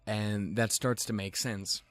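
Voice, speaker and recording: A young man with a lowish voice rambles through a casual episode recap. He swears constantly and drifts into joking tangents. Faint music plays behind him. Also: steady tone, slow pace, a bit bright, no room sound. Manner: rambling, profane, jokey asides. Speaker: video reviewer.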